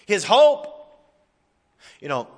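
A pastor preaching a sermon, swinging dramatically from loud declarations to hushed tones. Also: male voice, high-pitched, very animated, drawn-out words. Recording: long reverb of a large hall.

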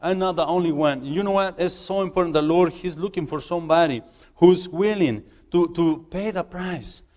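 A man who is a missionary preaching in a church, halting and repeating words as he urges the congregation. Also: on the high side, a little mellow, big-room sound. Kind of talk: sermon.

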